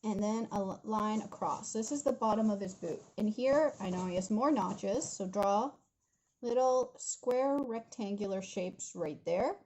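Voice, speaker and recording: Over a rough recording, an art instructor speaks in a medium-pitched, somewhat mellow voice at an unhurried pace. The young woman chats and giggles through a drawing tutorial in her home studio, addressing viewers as guys.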